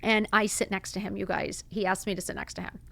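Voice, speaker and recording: A woman hosting a podcast, telling a personal story in a casual, animated way, acting out quotes and saying "like" a lot. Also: medium pitch, fast talker, creaky. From Miami. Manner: animated, acts out quotes, says "like" often. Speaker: podcast host.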